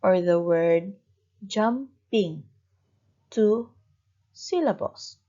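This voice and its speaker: A woman teaching a young class, speaking slowly and patiently and stretching out words as she models them. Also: medium pitch, sing-song, darkish tone, muffled recording. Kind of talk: recorded grade-school lesson.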